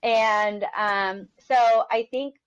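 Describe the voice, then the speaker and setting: A woman in her thirties hosting a casual podcast chat, animated and laughing often as she acts out her own past words. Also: mid-range voice, extremely slow, clear, resonant tone. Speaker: podcast host. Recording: dull lo-fi sound.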